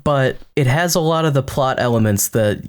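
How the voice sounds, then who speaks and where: A man's voice: mid-range voice, normal speed, clean tone. A man co-hosting a casual podcast, talking hesitantly and searching for words. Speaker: podcast co-host. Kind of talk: casual chat.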